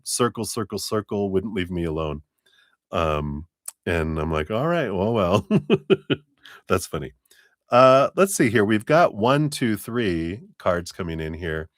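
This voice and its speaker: A man with a very low voice gives a relaxed, chatty live tarot reading. He laughs often and slips into playful quoted voices. The sound is dry and close. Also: no echo. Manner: chatty, laughs often, speaks warmly to viewers. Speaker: tarot reader.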